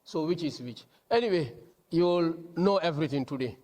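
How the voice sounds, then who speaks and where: A man with a fairly high voice speaks as a college registrar at a student orientation. He introduces the staff in a chatty way and keeps checking in with the audience. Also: lively intonation, normal speed, dark tone. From The Gambia. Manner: chatty, asks the audience "huh?" and "not so?".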